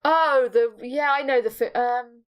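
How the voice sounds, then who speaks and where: A woman's voice: sits high, unhurried, clear, resonant tone, muffled recording. A woman co-hosting a podcast, chatting casually and chiming in with agreeable short remarks. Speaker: podcast co-host. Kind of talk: casual chat.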